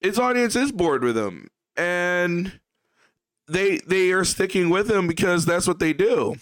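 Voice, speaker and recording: A male streamer in a heated, profane rant that circles back on the same points again and again. His voice sits fairly high and comes through smooth and clear. The sound is dry and close, with no room around it. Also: animated, a little slow, a bit bright, dry recording. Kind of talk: ranting livestream commentary.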